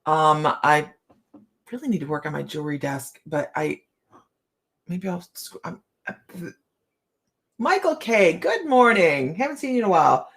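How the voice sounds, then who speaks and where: A woman's voice: deep voice, very animated, a little slow, long pauses, a bit bright. A middle-aged woman hosting a casual live chat, reading cards and talking to viewers by name, laughing often. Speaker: livestream host reading tarot cards.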